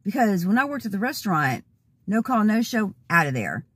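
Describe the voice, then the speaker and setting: A hoarse, worked-up woman venting casually to her vlog audience with exasperated, laughing asides. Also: medium pitch, big pitch swings, a little fast, dry recording. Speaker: vlogger. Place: in a car, then at home.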